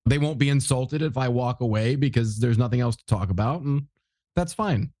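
A man in his thirties hosts a podcast in a casual, chatty way, keeping up with his guest with quick reactions. His mid-pitched voice is recorded dry and close, with no room sound at all. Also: mellow, no room sound. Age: 30s. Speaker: podcast host.

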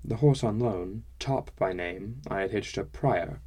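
A man narrating a first-person fantasy novel in a measured, wry storytelling manner. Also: lowish voice, darkish tone. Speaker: audiobook narrator.

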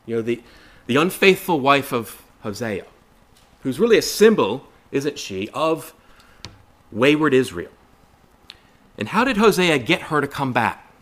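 Lively, earnest male preacher. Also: a little high. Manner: earnest, rhetorical questions, repeats phrases for emphasis; addresses listeners as brothers and sisters. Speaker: bible study speaker. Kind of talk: bible study sermon.

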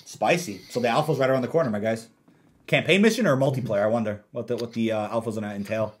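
A man's voice: medium pitch, fast, husky. Laid-back young man chatting on stream. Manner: laid-back, ranting, laughs often. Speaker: gaming YouTuber reading viewer comments. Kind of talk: casual livestream chat.

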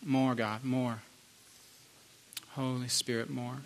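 A man pastoring a church service, leading a fervent prayer with repeated pleas, sometimes hushed. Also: medium pitch, level tone, slow pace, creaky, a little hiss or hum. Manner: fervent repeated pleading, soft and hushed at times. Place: church sanctuary.

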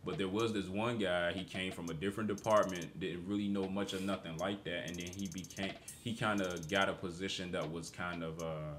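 A man with a very low voice tells blunt, profane workplace stories in a loose podcast chat. He laughs his way through his own anecdotes. A faint hiss of noise sits under the recording. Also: steady tone, a little fast, hardly any pauses, fairly bright tone. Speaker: podcast co-host. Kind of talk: casual chat.

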